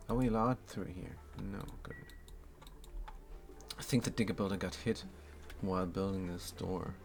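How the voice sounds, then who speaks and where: Slow, low-voiced German man streaming. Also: gravelly, fairly bright tone. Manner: laid-back, reads chat aloud, chuckles often. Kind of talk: casual gameplay commentary.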